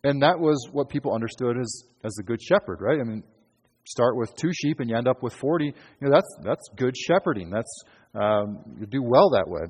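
A man's voice: medium pitch, animated, fairly quick, darkish tone, slightly rough. A man preaching a sermon as pastor, in a conversational, emphatic way with casual fillers. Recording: hall with long reverb.

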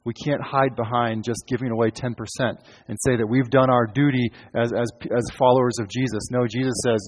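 Speaking a bit fast with few pauses, a man in a steady mid-range voice delivers an earnest sermon as a pastor. He retells scripture with quoted lines and keeps restarting phrases, all under a long hall reverb.

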